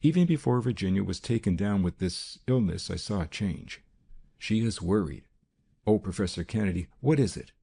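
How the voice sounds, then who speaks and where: A man with a gravelly voice voicing an anxious, distraught young woman who pleads in a hoarse whisper. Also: lowish voice, expressive, normal speed, warm tone, full character voice. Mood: anxious pleading.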